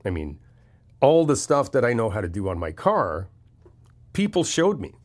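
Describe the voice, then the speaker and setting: Male best friend for a comfort audio, animated and frank, casual swearing, reassuring. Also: mid-range voice, normal speed. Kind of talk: comfort audio role-play.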